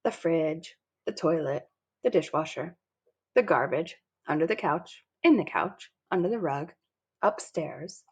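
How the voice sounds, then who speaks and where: A woman narrating a first-person children's story in a lively, childlike storytelling manner. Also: deep voice, a little slow, husky, dull audio. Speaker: audiobook narrator.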